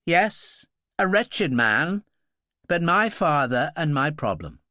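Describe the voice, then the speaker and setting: A man's voice: a little high, sing-song, takes it slowly, bright, forceful tone, no room sound, studio quality, pitched above the performer's own voice, heavily acted. Man playing a young man, terse, resentful, raised voice. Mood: irritated. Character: young man, irritable and bitter.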